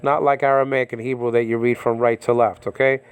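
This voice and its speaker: A man teaching a casual verse-by-verse lesson on biblical Greek and Hebrew, halting often with fillers and checking in with "okay?". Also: mid-range voice, little pitch movement, smooth. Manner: halting, many fillers and repeated okays. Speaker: Bible teacher. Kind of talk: informal verse-by-verse language lesson.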